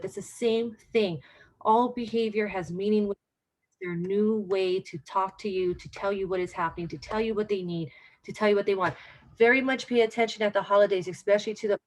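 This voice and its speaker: Middle-aged woman, dementia care educator; earnest, informal presentation style, drives home key points by repeating them. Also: medium pitch.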